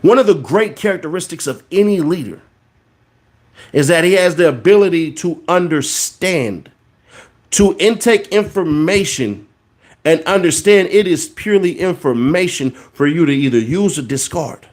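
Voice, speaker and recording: A man's voice: fairly high pitch, expressive, normal speed. Preachy man riffing on a podcast. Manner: preachy, repeats words for emphasis. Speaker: podcast host. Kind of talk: casual commentary monologue.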